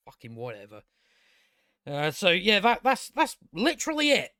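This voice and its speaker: A man's voice: sits high, sing-song, moderate pace, pushed and bright, dry recording, clean studio sound. A man giving a casual spoken review, sarcastic and exasperated, rambling with restarts and swearing. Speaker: video reviewer.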